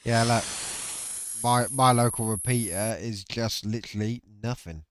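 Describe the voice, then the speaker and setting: A man's voice: medium pitch, fairly even intonation, a little slow, clear, resonant tone, dry recording. A man, streaming casually about scanning radio bands, chatty and sweary. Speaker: radio hobbyist livestreamer. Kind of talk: casual livestream commentary.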